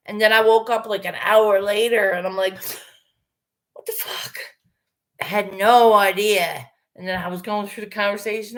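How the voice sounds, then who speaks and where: A woman's voice: medium pitch, fairly bright tone. A woman casually chatting with her livestream viewers, rambling, swearing freely and laughing often.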